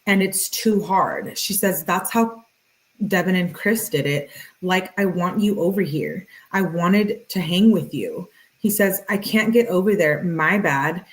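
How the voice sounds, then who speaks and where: A woman hosting a true-crime video, reading text messages aloud in a flat, matter-of-fact voice with casual asides. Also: fairly low pitch, measured pace, poor audio.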